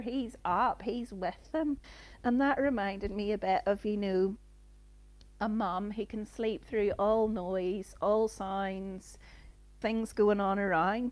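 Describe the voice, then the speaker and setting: A woman's voice: mid-range voice, dark tone. A woman giving an informal sermon, reading scripture and then explaining it in an earnest, conversational way full of "you know". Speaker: preacher.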